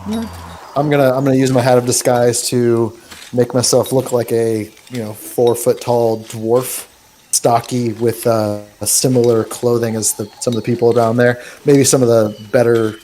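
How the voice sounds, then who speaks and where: A man's voice: medium pitch, flat delivery, normal speed, dark tone, a little hiss or hum. Joking male tabletop player. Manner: joking, laughs easily. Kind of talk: casual tabletop play.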